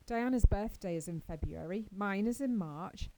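A woman voicing an excitable dreamy orphan girl. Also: mid-range voice, moderate pace, close to an everyday voice, rough recording. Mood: gushing. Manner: breathless, gushing and wide-eyed. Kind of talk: audiobook character reading.

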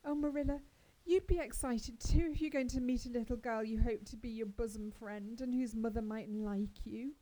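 High fervent little orphan girl, dramatic and earnest, a woman doing her. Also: moderate pace, hardly any pauses, mellow, close to an everyday voice, low-quality recording. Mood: fervent anxious.

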